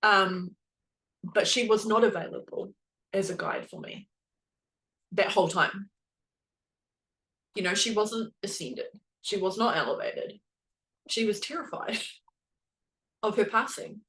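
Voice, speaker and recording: A woman's voice: medium pitch, slow pace, pauses often, fairly bright tone, rough recording. A woman hosting a spiritual podcast, telling a personal story in a casual, earnest way and filling her speech with "like.". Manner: chatty, heavy use of "like", earnest and emotional.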